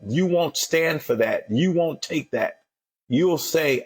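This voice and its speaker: A man's voice: fairly high pitch, expressive, slow pace, breathy edge. A man giving an emphatic motivational sermon as host of a daily show, repeating phrases as he builds to fervent calls to action.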